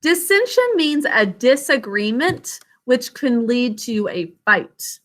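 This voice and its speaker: Bright-voiced woman teaching spelling. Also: a little high. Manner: patient, sounds out syllables slowly and clearly; asks students questions and calls on them by name. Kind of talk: classroom vocabulary and spelling lesson.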